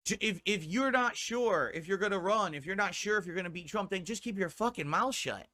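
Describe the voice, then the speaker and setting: A man from the United States rants on a stream in a higher-than-usual, bright, pushing voice. He sounds indignant and swears freely. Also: animated, brisk. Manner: indignant, profane ranting. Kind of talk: ranting commentary on a stream.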